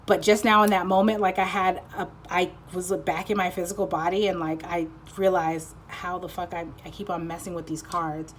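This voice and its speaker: A woman's voice: fairly low pitch, little pitch movement, moderate pace, few pauses, slight background noise. A woman giving a casual tarot reading, rambling with lots of "like", cutting herself off, swearing freely and apologizing often. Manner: rambling, lots of "like", self-interrupting. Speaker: tarot card reader.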